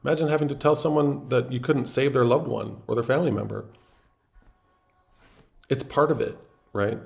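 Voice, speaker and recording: A man's voice: mid-range voice, normal speed, creaky. A man hosting a coaching call, speaking emphatically and acting out people's reactions. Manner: emphatic, acts out others' reactions. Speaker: coach and host.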